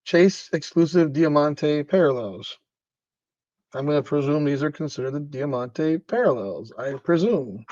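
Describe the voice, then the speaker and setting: A man of middle pitch talks in a casual, offhand way, listing names in quick runs while opening cards. The sound is dry and slightly dull, with no room echo. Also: lively intonation, darkish tone. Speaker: card-breaking host. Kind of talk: casual card-opening commentary.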